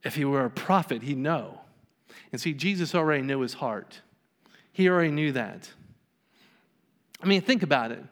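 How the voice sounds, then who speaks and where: A man's voice: mid-range voice, lively intonation, normal speed, pauses often, big-room sound. A man preaching a sermon in a church, telling a story and acting out the people in it. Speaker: pastor.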